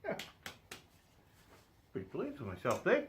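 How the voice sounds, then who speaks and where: Aussie guy rambling through a woodwork build, lively up-and-down voice, keeps laughing at himself, faint shop hum behind. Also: on the low side, moderate pace. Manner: jokey, chuckling, self-deprecating. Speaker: woodworking vlogger. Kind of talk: casual workshop narration. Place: home workshop.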